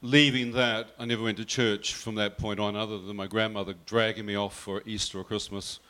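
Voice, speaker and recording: A man's voice: fairly low pitch, level tone, brisk, sharp tone. A man telling a personal faith story earnestly, often quoting his mother's words. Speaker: guest telling his testimony.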